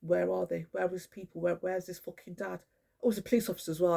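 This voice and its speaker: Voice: medium pitch, little pitch movement, creaky, dark tone. An older grandparent speaking in a rambling, emphatic monologue, swearing often and restarting sentences. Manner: profane, emphatic, repetitive; halting, with many restarts.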